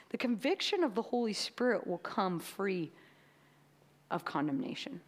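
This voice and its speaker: A woman's voice: medium pitch, sing-song, moderate pace. A woman giving a sermon in a chatty, conversational way, often checking in with "right?". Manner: chatty, tags lines with "right?". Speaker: preacher.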